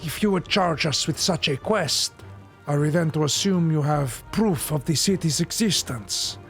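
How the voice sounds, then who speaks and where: A man's voice: a little high, moderate pace, fairly bright tone, voice pushed up. A man voicing an earnest, bookish young prince with a put-on Spanish accent. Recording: faint game music behind. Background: faint game music.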